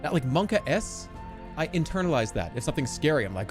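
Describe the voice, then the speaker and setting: Man, 30s, livestreamer riffing with chat, loud bursts then low mutters, animated pitch, a touch high. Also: quick pace, over music. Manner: animated and jokey, swings between loud outbursts and low mutters. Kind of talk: casual chat with live chat.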